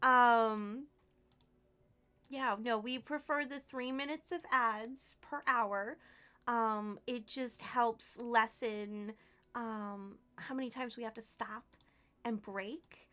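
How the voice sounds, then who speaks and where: A woman's voice: a little high, steady tone, slow pace, bright, forceful tone. A woman streamer chatting casually with her live viewers, giggling often and thanking them by name.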